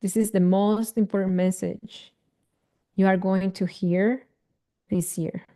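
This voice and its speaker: A woman, a parenting educator leading a guided visualization in a soft, earnest, affirming way with emphatic repeated phrases. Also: mid-range voice, steady tone, takes it slowly. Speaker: parenting educator leading a live online session. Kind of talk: slow guided visualization, speaking to the audience.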